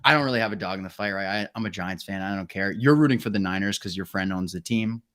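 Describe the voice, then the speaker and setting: A man's voice: deep voice, fast talker, fairly bright tone. A man co-hosting a podcast in casual chat, teasing his partner and retelling their shared stories with mock quotes. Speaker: podcast co-host.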